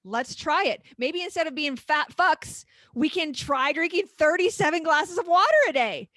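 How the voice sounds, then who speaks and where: A woman co-hosting a podcast, pressing her points with animated emphasis and frequent laughs. Her voice is high, and the recording is dry and close with no room echo. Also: normal speed. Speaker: podcast co-host. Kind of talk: casual chat.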